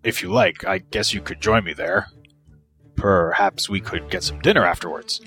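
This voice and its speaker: A formal, honor-bound male officer from a storybook reading, voiced by a man. He speaks stiffly, in a deep register. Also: moderate pace, sharp tone, soft background music. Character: proud, guilt-ridden male warrior officer.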